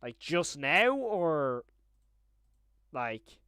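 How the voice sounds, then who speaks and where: A young man chats live on stream, rambling from one thought to the next and quick to get worked up. His voice sits a bit high for a man. The sound is dry and close, with no room around it. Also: clean tone, no room sound. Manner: chatty, rambling, easily excited.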